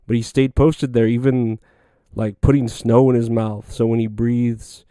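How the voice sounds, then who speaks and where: Laid-back profane man with mellow voice. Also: medium pitch, little pitch movement, unhurried, smooth, dry recording, studio quality. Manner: loose, profane storytelling with frequent fillers. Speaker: podcast host. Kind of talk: casual solo podcast monologue.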